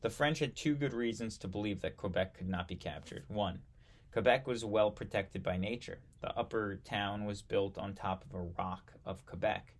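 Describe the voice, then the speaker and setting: A man reading aloud from an old history textbook, halting now and then to correct himself and add brief asides. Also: on the low side. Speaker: history reader.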